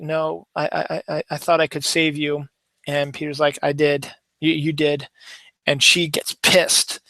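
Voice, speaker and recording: A man's voice: on the high side, sharp tone, clear, resonant tone, no echo. A man casually recapping a comic book issue for his channel, rambling and correcting himself as he goes. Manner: rambling, chatty, self-correcting.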